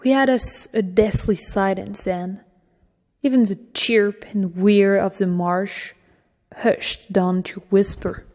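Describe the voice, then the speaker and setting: A woman reading a fantasy audiobook in a slow, measured way. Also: mid-range voice, fairly even intonation, darkish tone. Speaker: audiobook reader. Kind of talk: amateur audiobook narration. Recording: long reverb.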